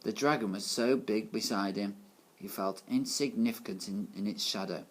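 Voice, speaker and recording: A man's voice: lowish voice, normal speed. A man reading a children's novel aloud in a plain storytelling manner, with small stumbles. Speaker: reader.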